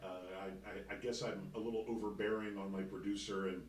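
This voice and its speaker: A man's voice: on the low side, little pitch movement, a little fast, roomy sound, recorded from a distance, slight background noise, poor audio. A man hosting a casual sports talk radio show, rambling and joking, swearing freely. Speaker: host. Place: radio studio.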